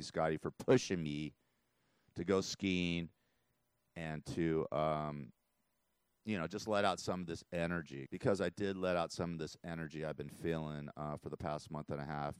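Man, radio talk host, very deep voice, resonant, rambling, emotional, dry studio sound. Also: fairly even intonation, moderate pace, clean tone, dry recording. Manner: rambling, emotional, laughs often. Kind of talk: casual talk radio monologue. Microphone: studio mic.

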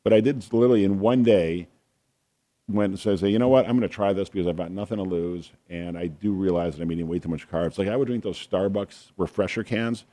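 A man co-hosting a talk show, chatting casually and telling a funny anecdote with deadpan humor. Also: deep voice, quick pace. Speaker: podcast co-host, doctor. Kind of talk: casual chat, storytelling.

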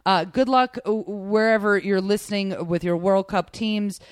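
A woman's voice: mid-range voice, fairly even intonation, a little slow, clear, resonant tone, no room sound. A woman hosts a sports podcast in easy, chatty talk. She gushes and piles on fillers and restarts. Her voice sits in a middle range and sounds close and dry. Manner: chatty, gushing, many fillers. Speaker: podcast host. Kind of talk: casual sports chat.

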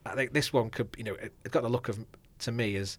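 A man's voice: medium pitch, fast. A man co-hosting a casual podcast, cheeky, blunt and joking. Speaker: podcast co-host.

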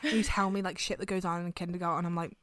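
A woman's voice: lowish voice, little pitch movement, racing, no echo. A young woman co-hosting a casual podcast chat, blunt and teasing, swearing freely. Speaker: podcast co-host.

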